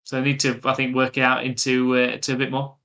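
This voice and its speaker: English guy commentating a game live and chatting with viewers, really bright tone. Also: medium pitch, monotone, fast, gravelly. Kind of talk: live play-by-play and chat with viewers.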